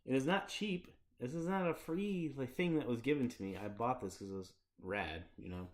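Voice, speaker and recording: A man of middle pitch, neither high nor low, hosting a relaxed livestream. He rambles with loose, laid-back chatter, swears casually and keeps breaking into laughter. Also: normal speed. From Michigan. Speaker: streamer.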